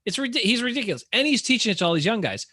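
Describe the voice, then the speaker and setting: Bright-voiced man ranting about sports. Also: very high-pitched, rapid-fire, no echo, clean studio sound. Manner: animated, exasperated ranting. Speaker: podcast co-host. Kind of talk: casual sports talk.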